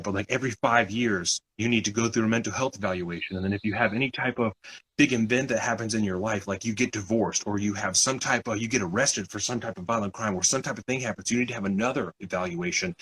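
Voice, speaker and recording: Young male podcast co-host, husky and rapid, animated storyteller who swears freely. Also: on the low side, low-quality recording. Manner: animated retelling, acting out other people's lines, swears often. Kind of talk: casual storytelling chat.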